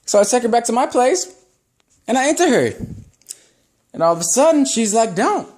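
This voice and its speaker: A man's voice: extremely high pitch, big pitch swings, normal speed, darkish tone. A young man doing a stand-up set, telling crude stories in a rambling, profane way. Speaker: stand-up comedian.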